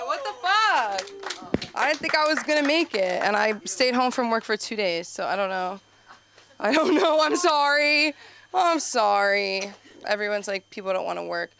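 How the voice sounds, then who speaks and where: A woman's voice: mid-range voice, expressive, normal speed, a bit bright, smooth. A woman comedian opening a stand-up show, talking in a rambling, self-interrupting way. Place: comedy club stage.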